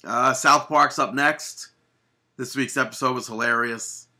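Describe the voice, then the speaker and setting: A man's voice: medium pitch, steady tone, measured pace, sharp tone. A young man co-hosting a casual podcast, enthusiastic, laughing often and trailing off mid-sentence. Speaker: podcast co-host.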